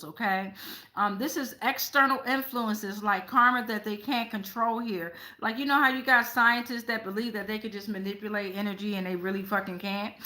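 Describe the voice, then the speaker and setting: A woman's voice: a little high, sharp tone, poor audio. A woman hosting a casual tarot reading, chatty, often tagging her sentences with "okay?" and swearing now and then. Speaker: tarot reader.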